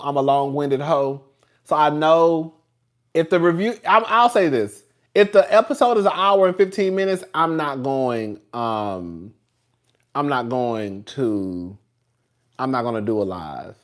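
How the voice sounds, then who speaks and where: A man's voice: fairly high pitch, unhurried. A man hosting a casual live stream. He rambles, talks with sass and laughs often as he chats with his viewers. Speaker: show host reviewing TV.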